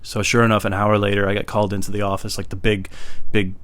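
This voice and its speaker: A man casually telling a story on his podcast, rambling with lots of fillers and jumping into high voices for the people he quotes. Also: little pitch movement, quick pace, fairly bright tone. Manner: rambling, filler-heavy, jumps high when voicing others. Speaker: podcast host. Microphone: small desktop microphone.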